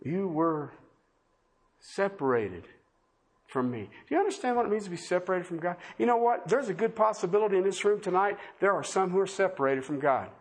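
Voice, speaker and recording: A man with a notably high voice delivers an impassioned sermon. He presses his listeners with repeated, emphatic questions, preaching with urgency to a gathered congregation. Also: quick pace, hardly any pauses. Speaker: pastor. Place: church service before a congregation.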